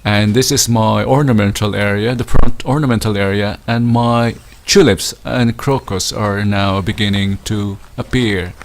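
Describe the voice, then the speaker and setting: A man from the Philippines offers a casual outdoor tour of his winter garden, moving slowly and hesitating with many fillers and restarts. His fairly low voice holds a steady tone, and a little hiss or hum can be heard.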